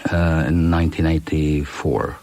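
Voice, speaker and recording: A Swedish man in his fifties, a musician chatting in an interview in a relaxed, joking way with many restarts. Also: very deep voice, unhurried, slight background noise. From Sweden. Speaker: musician guest. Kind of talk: casual interview chat.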